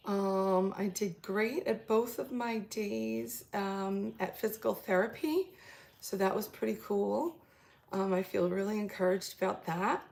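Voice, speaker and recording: Gravelly-voiced woman chatting casually. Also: mid-range voice, a little mellow. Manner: rambling, chatty, many fillers and trailing thoughts; laughs easily while telling stories. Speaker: lifestyle creator chatting with live viewers. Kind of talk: casual live chat.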